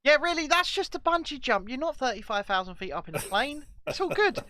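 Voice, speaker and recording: A man hosting a casual podcast chat, animated and prone to stumbling restarts. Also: very high voice, a little fast, no room sound. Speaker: host.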